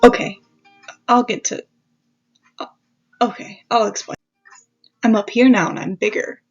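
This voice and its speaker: A woman's voice: a little high, steady tone, unhurried, slightly rough, faint music behind. A woman hosting a casual video essay over slides, rambling with self-aware asides and the odd swear. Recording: dull lo-fi audio.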